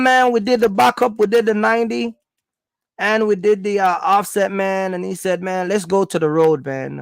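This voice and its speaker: Jamaican man, livestreamer at home, a bit high and gravelly, rambling with fillers, stern when warning viewers. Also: dry recording, clean studio sound. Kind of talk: casual storytelling on a livestream.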